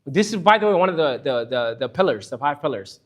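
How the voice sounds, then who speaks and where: A man's voice: a little high, lively intonation, a little fast. A middle-aged man teaching a church Bible study, speaking earnestly and emotionally about personal pain. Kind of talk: impassioned church lesson.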